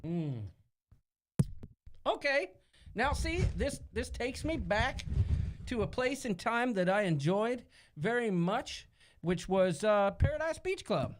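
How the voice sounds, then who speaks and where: A Midwestern American man co-hosting a casual live-stream chat, jokey and animated, reading out viewer comments. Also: high voice, takes it slowly, long pauses. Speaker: co-host.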